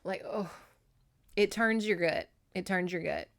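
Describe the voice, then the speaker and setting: A woman podcast host recapping a novel in a chatty, profane, animated way. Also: lowish voice, normal speed, vocal fry. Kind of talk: casual book recap.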